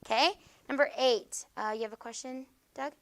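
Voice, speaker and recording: A woman's voice: high voice, fairly even intonation, moderate pace. A woman teacher leading a classroom grammar lesson, patient and explanatory, often checking in with "okay?".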